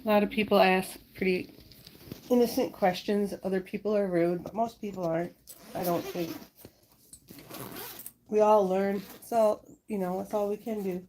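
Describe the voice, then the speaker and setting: A woman from Wisconsin hosting a casual live stream. She chats with her viewers and breaks into a high sing-song voice when she talks to her dogs. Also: steady tone, normal speed, long pauses, darkish tone, slight background noise. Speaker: livestream host.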